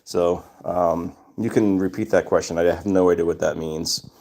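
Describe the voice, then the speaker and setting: A man's voice: deep voice, steady tone, moderate pace, creaky, darkish tone. A man hosting a casual livestream, greeting viewers by name and answering chat questions. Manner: reads chat names aloud and greets viewers. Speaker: livestream host.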